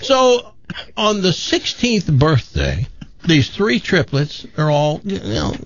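A man's voice: fairly high pitch, big pitch swings, slow. A male radio host telling a long joke on air, rambling with fillers and restarts. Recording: slightly dull radio sound.

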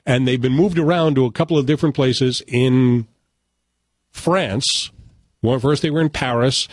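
A man's voice: medium pitch, normal speed, no room sound. A man hosting a casual movie chat, wry and conversational.

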